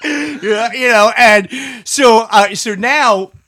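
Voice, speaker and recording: A man's voice: very high-pitched, slow, heavy background noise. A man telling a comic story in casual chat, swearing often and laughing as he talks. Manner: profane, laughing, animated storytelling.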